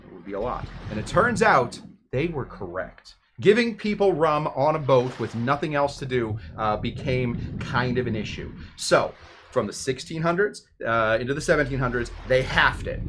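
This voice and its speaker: A man's voice: mid-range voice, a bit bright. A man hosting a cocktail show, talking casually in a rambling way, interrupting himself with jokey asides. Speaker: host of a drinks show.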